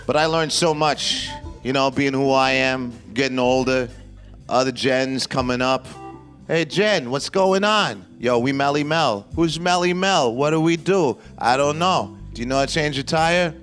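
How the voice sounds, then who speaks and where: A comedian performing a playful spoken-word comedy poem live on stage, with rhythmic chanted repetitions. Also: male voice, medium pitch, unhurried, a bit bright, faint music behind.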